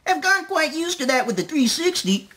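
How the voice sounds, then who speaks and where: A man putting on a high, squeaky falsetto to read a dim-witted male blogger's comments out loud as a mocking parody. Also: very animated, a little fast, heavily acted. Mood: whiny mocking.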